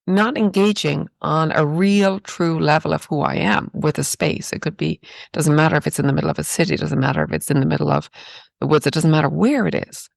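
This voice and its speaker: This deep, gravelly-voiced woman from Ireland speaks with an Irish accent and no room sound. As a podcast guest, she shares personal stories reflectively and spiritually, often tossing in a rhetorical "right?".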